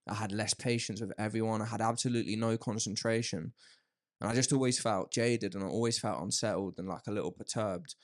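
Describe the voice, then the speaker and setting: A man's voice: lowish voice, fairly even intonation, fairly quick. A young man chatting candidly on a podcast, rambling and calling his listener "mate". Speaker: podcast host. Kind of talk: casual podcast chat.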